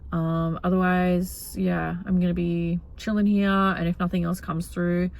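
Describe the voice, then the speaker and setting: Fed-up woman with vocal fry. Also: on the low side, level tone, unhurried, a little mellow. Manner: agitated, swearing, rambling with many fillers. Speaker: vlogger. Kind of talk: casual venting vlog.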